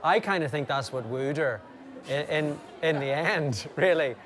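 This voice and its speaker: A man chats casually, spinning lively anecdotes. His voice sits slightly high and he breaks into impressions as the story needs. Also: measured pace, a little hiss or hum. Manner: animated anecdotes with impressions and laughter. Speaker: guest.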